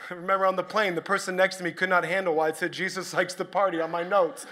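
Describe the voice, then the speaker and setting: A man with a high, bright and forceful voice preaches a sermon to his church. He jokes his way through it, then drives his points home with loud emphasis. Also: fast, slight background noise. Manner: energetic, joking, rising to shouted emphasis. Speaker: pastor.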